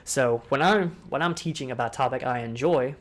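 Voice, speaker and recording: A young man hosting a casual online talk, speaking fast and rambling, swearing freely. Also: medium pitch. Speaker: discord talk host. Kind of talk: casual chat.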